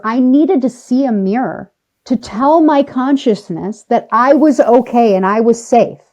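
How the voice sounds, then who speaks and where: Appearing as a podcast guest, a woman with a slightly high voice tells a personal story. She's animated and emphatic, slowing down or speeding up for effect.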